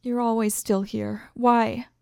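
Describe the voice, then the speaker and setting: A woman's voice: on the high side, little pitch movement, takes it slowly, gravelly, clean tone, no room sound, clean studio sound. A woman playing a pregnant girlfriend, a former bully, tough on the outside and insecure underneath, in an audio role-play spoken straight to the listener. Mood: tender. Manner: emotional, defensive then tender, soft confessional asides.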